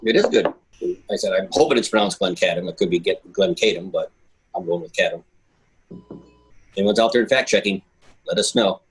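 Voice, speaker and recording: A man's voice: deep voice, fairly quick, pauses often, husky, low-quality recording. A man co-hosting a casual drinks podcast, joking and self-deprecating, often restarting his sentences. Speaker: podcast co-host. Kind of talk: casual chat.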